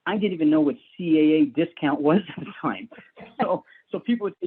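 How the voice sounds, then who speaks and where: This guy talks fast and animatedly in a high-ish voice, recounting his early career in a rambling, casual way with lots of laughter and restarted sentences. The tinny, phone-like recording carries a little hiss or hum.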